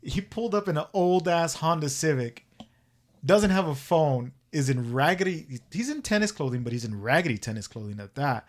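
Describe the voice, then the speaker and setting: Profane, animated man telling a story. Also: fairly high pitch, moderate pace. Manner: animated, profane, acts out quoted voices. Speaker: podcast host. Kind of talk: casual storytelling.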